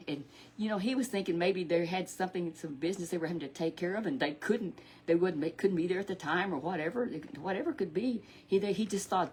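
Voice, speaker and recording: A woman's voice: fairly low pitch, fast, darkish tone. Female storyteller for a children's Bible tale. Folksy, repetitive, chats to a puppet. Faint background noise. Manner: chatty and repetitive, with asides to a puppet.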